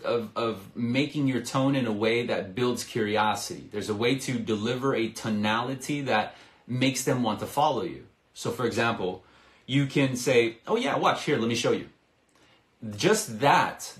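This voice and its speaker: Male sales coach, mid pitch, persuasive and energetic, roomy echo. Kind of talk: live-stream sales lesson.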